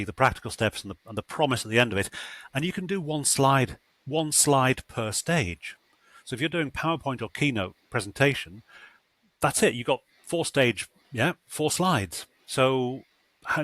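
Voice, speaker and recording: A man hosting a casual conversation, animated and acting out reactions with exclamations as he explains. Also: medium pitch, dry recording. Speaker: host.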